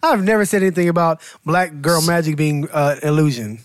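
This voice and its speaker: A man's voice: a little high, a little fast, dry recording, studio quality. A man co-hosting a casual podcast chat, skeptical and sarcastic, arguing his points. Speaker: podcast co-host.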